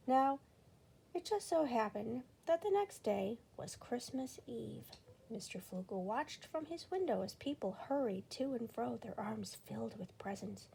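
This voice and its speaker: A woman reading a children's storybook aloud with expressive storytelling emphasis. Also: a little high, a little slow, vocal fry, a little hiss or hum. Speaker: storybook reader.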